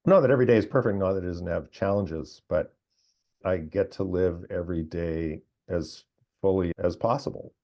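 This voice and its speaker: A man who works as a coach, speaking in a measured, thoughtful way as a podcast guest. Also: deep voice. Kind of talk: reflective casual chat. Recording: dull lo-fi audio.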